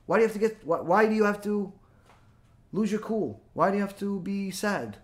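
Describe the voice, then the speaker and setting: A man giving a spoken religious lesson as a teacher, animated and full of rhetorical questions and mock back-and-forth dialogue. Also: sits high, fairly quick.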